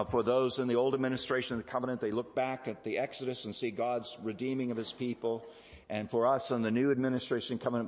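Male pastor, explanatory sermon, halting, echoey hall. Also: medium pitch. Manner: explanatory, halting with fillers and repeats.

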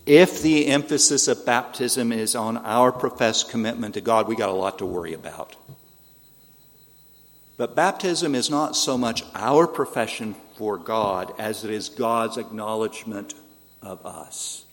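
A man's voice: on the low side, unhurried, in a large hall. A man preaching a sermon in an earnest, pleading way, asking the listeners rhetorical questions. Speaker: pastor.

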